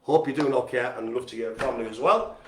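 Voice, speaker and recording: A man hosting a community centre's live stream, giving casual, jokey shout-outs and poking fun at himself. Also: medium pitch, quick pace, a little hiss or hum. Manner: chatty, jokey and self-mocking. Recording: roomy echo.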